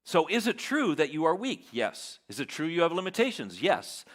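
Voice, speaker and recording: A man's voice: fairly high pitch, wildly swooping pitch, normal speed. A man preaching a sermon as pastor, dramatically acting out quoted lines of self-doubt.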